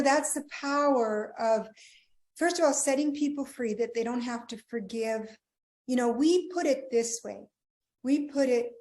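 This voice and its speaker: A middle-aged woman, a marriage coach, telling her personal story earnestly in an interview, often dropping to a hushed tone. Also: on the high side, unhurried. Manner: earnest, emotional, drops to a hushed voice at tender moments.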